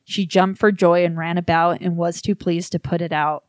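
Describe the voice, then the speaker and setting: A woman's voice: on the low side, fairly even intonation, moderate pace, no echo. Young woman, podcast co-host, crude storytelling, dry close mic. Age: young adult. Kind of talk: casual chat and reading a poem aloud.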